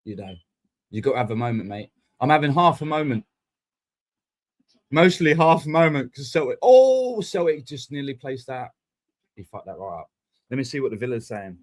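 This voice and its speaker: A man's voice: mid-range voice, lively intonation, normal speed, long pauses. A man hosting a live stream, chatting casually and rambling through sweary football banter.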